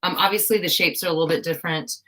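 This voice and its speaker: A young woman talks through a craft live stream in a slightly low voice. She is scatterbrained and self-mocking, breaking into frequent laughs. The talk stays casual and chatty. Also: rapid-fire, a bit bright. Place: home craft room.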